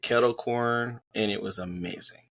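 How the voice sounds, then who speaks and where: A man's voice: medium pitch, fairly even intonation, normal speed, fairly bright tone. Laid-back joking man, casual talk. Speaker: podcast co-host. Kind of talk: casual chat.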